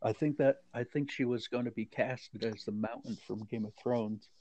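A man swaps crude jokes with his co-host in a relaxed, foul-mouthed podcast chat. He keeps laughing at his own lines. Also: medium pitch, normal speed. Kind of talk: casual profane chat.

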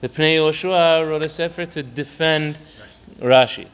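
Speaking in an unhurried, slightly bright voice that is clear and resonant, this male Torah teacher goes line by line through a religious text. He frequently restarts phrases and gets louder and higher whenever he reaches a key point.

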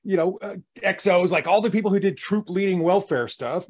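A man's voice: high-pitched, fairly quick. A male podcast host talking with energy and emphasis, acting out little quotes as he makes his points. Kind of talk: casual podcast conversation.

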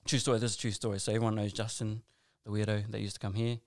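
A man's voice: lowish voice, little pitch movement, rapid-fire, a little mellow, slight background noise. A man telling a personal story in casual conversation, rambling and earnest with lots of asides and restarts.

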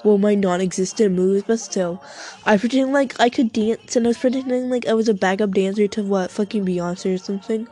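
A woman's voice: medium pitch, fairly quick, warm tone. A young woman rambling casually to herself, swearing a lot, making self-mocking asides, and short of breath.

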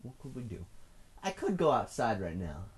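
A teenage man hosting a solo podcast from home, rambling and self-mocking, his voice swinging between loud bursts and mumbles. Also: medium pitch, sing-song, moderate pace, husky. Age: teens. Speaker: podcast host. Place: at home indoors.

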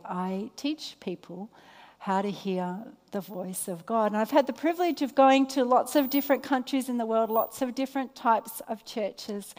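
A woman with an Australian accent leads a church service, her voice sitting a little on the high side. She keeps the room involved with questions and turns soft and low when she prays. Her words trail off in the long echo of a big hall. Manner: engaging, asks the audience questions; drops soft and low in prayer. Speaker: preacher. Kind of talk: sermon with congregation banter. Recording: long reverb in a large hall.

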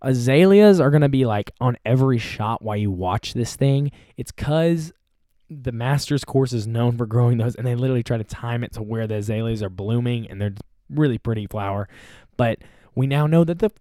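A man's voice: mid-range voice, normal speed, mellow, dry recording, clean studio sound. A young man hosting a casual solo podcast, rambling and self-deprecating as he chats. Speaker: podcast host.

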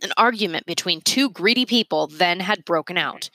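Bright, animated woman storyteller. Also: lowish voice, normal speed, few pauses, no echo. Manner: expressive, animated reading. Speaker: read-aloud narrator. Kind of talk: storybook read-aloud.

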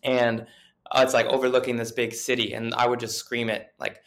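A man's voice: medium pitch, steady tone, brisk, vocal fry, a bit bright. A young adult man telling his story as an interview guest, in an earnest, rambling way full of fillers and restarts. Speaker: guest chiropractor and coach.

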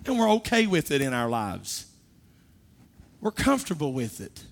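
A man preaching a sermon, moving from quiet, low talk to loud, high-pitched exhortation. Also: sing-song, moderate pace.

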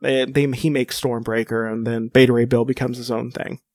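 A man's voice: mid-range voice, little pitch movement, normal speed, darkish tone, dry recording, clean studio sound. A man chatting casually as a podcast co-host, rambling with many fillers and restarts and joking around. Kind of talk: casual chat.

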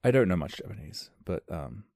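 A man's voice: deep voice, expressive, fairly quick, warm tone, no echo, clean studio sound. A young man hosting a casual solo podcast from a dim room at home, rambling playfully and laughing at his own jokes. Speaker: podcast host.

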